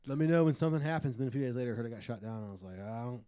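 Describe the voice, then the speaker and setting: A man on a comedy podcast, laid-back and deadpan, sounding unbothered by everything. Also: medium pitch, rapid-fire, a crowd in the background. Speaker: podcast co-host. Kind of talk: casual comedy podcast banter.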